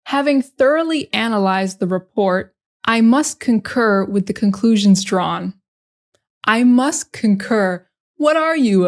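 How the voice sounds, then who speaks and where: A woman teaching English in a casual online lesson, speaking frankly and emphatically with strong opinions. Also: mid-range voice.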